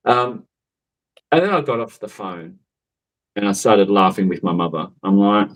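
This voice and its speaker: A man's voice: on the low side, normal speed, long pauses, poor audio. A man who works as a psychic medium tells a story in a casual, rambling way, full of fillers and asides. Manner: chatty, rambling, with many fillers and laughs.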